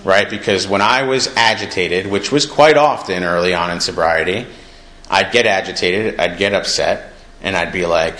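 A man's voice: deep voice, normal speed, pushed and bright. A man speaking casually at a recovery meeting, telling his personal story and acting out quoted dialogue. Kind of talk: personal testimony. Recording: echoey room with faint noise.

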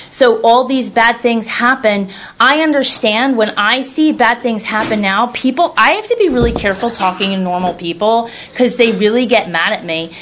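Blunt, rambling woman telling her story. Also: fairly high pitch. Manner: blunt, rambling, casually profane; animated storyteller. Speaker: recovery speaker sharing her story. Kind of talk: candid personal testimony.

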